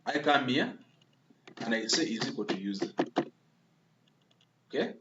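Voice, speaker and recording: A man's voice: mid-range voice, lively intonation, unhurried, echoey room, muffled recording, heavy background noise. A man giving a screen-recorded coding tutorial, thinking aloud, repeating himself and often checking in with a questioning "okay?" while he addresses viewers as members.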